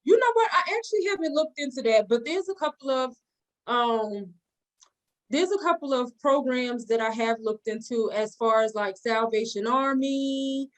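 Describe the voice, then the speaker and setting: A woman's voice: high voice, lively intonation, moderate pace, rough recording. A woman nurse, a guest on a podcast interview, explaining her work in an earnest, explanatory way. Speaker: nurse and co-founder of a recovery clinic, guest. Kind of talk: interview answers.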